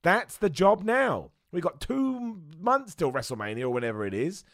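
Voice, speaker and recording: A man hosting a wrestling show, chatting excitedly and poking fun at himself. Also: high-pitched, normal speed, dry recording, studio quality. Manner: chatty, excitable, self-mocking with laughs. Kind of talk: casual commentary and super chat reading.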